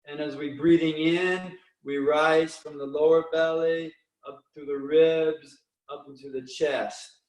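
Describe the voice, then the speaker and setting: Slow, calm man counting breaths. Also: on the high side, echoey room, distant mic, rough recording. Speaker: meditation and breathing instructor. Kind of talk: guided breathing instruction.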